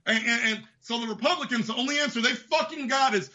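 High, bright-voiced man ranting profanely. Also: fast, muffled recording. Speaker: host. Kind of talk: ranting political commentary.

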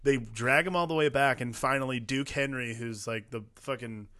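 A man's voice: mid-range voice, normal speed, bright, forceful tone. A man co-hosting a casual film podcast, enthusiastic and swearing freely as he recalls favorite scenes. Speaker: podcast co-host.

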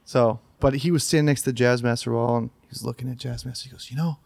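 A man's voice: medium pitch, fast, vocal fry, no room sound, studio quality. A guitar store employee telling stories in casual podcast chat, quoting the people he met. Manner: animated storyteller, quotes people in his story.

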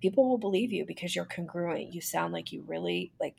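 A woman's voice: on the low side, fairly quick, creaky, a little mellow, husky. A woman guest on a podcast interview, explaining business speaking skills in a confident, instructive way and demonstrating vocal inflections as she goes.

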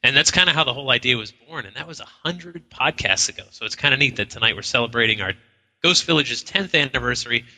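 Male co-host, very bright tone, chatty storyteller, long hall echo. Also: mid-range voice, expressive, quick pace. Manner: storytelling with acted-out quotes and frequent restarts. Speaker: co-host of a live paranormal radio show. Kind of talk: casual on-air chat. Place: inn function room at a live broadcast.

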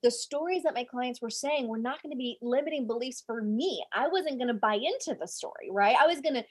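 A woman's voice: high voice, fairly quick. A woman speaking English as a second language, a life coach telling a personal story in an interview, with lots of "right?" and "like". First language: not English. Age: 20s at the time recalled; now older. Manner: animated, many "right?" tags and "like" fillers.

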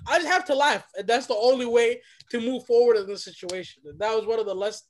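A young man, a podcast guest, telling a story in a lively, dramatic way and dropping to a hush for effect. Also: extremely high pitch, fast. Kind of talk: animated storytelling.

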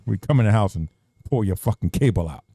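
A man's voice: fairly low pitch, expressive, fast, dark tone, husky, dry recording, clean studio sound. A man hosting a podcast in a casual, joking way, swearing freely. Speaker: podcast host. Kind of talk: casual chat.

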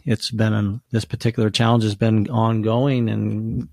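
A man's voice: fairly low pitch, flat delivery, moderate pace, gravelly, warm tone, no echo, studio quality. A man co-hosting a relationship podcast. He talks reflectively and sometimes searches for his words. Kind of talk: casual podcast talk, personal story.

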